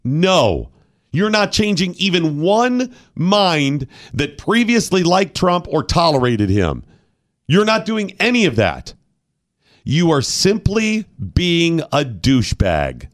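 A man's voice: a little high, very animated, slow pace, no room sound, clean studio sound. A male radio host giving argumentative, opinionated commentary and firing off rhetorical questions.

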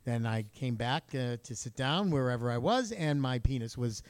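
A middle-aged man hosting a casual chat, telling a story with lively bursts of acted-out voices. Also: moderate pace, smooth, no room sound. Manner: animated storyteller, acts out voices in high bursts. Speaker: podcast co-host. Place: comedy club stage.

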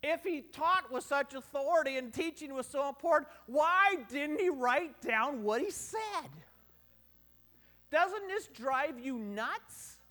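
High, bright-voiced joking man preaching. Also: animated, slow. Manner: conversational, joking, rhetorical questions. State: short on sleep. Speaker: pastor. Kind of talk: sermon.

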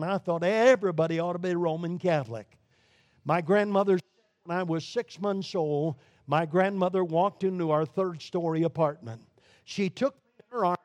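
A man preaching a sermon with emphatic swings between loud declarations and hushed low lines. His voice sits fairly high for a man. The sound is close and dry, with no room around it. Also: dry recording. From Brooklyn, New York. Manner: emphatic preaching with sharp rises and drops in volume.

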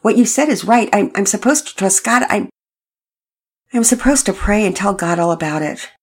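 A woman voicing an excitable, emotional young boy who talks fast and stammers. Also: medium pitch, breathy edge, voice pushed up. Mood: eager.

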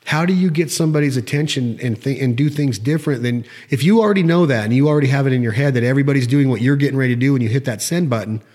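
A man's voice: medium pitch, racing, hardly any pauses. A man co-hosting a casual talk show, telling a story with energy and acting out the people he quotes. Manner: animated storyteller, acts out quoted voices.

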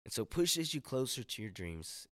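A man preaching a sermon to young people in a relaxed, conversational way, with casual slang and acted-out quotes. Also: medium pitch, moderate pace, dry recording, clean studio sound. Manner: acts out quoted friends in voices.

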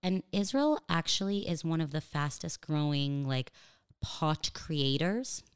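Her voice is low-pitched, clear and resonant, with lively intonation and an unhurried pace. This woman in her thirties is a joking interview guest in a casual comedic chat, using fillers and asides, and her voice is said to sound like a cartoon.

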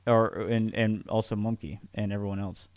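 A man's voice: fairly low pitch, flat delivery, normal speed, slight background noise. A man co-hosting a podcast in casual chat, ranting with profanity and frequent restarts. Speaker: podcast co-host.

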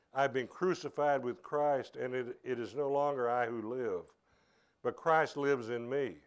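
A man's voice: mid-range voice, clean tone. Earnest male pastor preaching a sermon. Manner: repetitive restarts, earnest and conversational. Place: church service.

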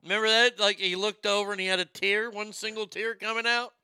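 A middle-aged man hosting a comedic show segment, ranting loudly and profanely and repeating himself. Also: high voice, steady tone, fairly quick, smooth, no echo, clean studio sound. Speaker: show host.

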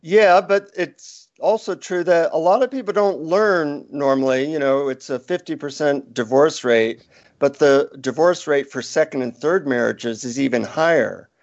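A man's voice: fairly high pitch, unhurried. A man guest on an interview show, chatting casually and telling anecdotes. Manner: storytelling, animated when quoting. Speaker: author guest. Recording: dull lo-fi sound.

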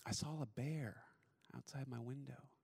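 A man voicing his young son, a scared, clingy little boy who speaks softly. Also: medium pitch, unhurried, creaky, slightly rough.

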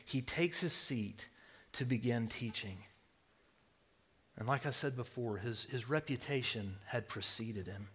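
A man preaching a sermon, swinging between loud declarations and hushed near-whispers. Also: mid-range voice, unhurried, breathy edge. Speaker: pastor.

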